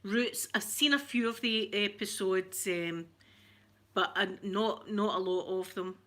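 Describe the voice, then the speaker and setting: A woman's voice: mid-range voice, a little slow, sharp tone. A woman chatting casually with viewers on a stream, open and emotional about her feelings. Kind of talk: casual chat answering viewers.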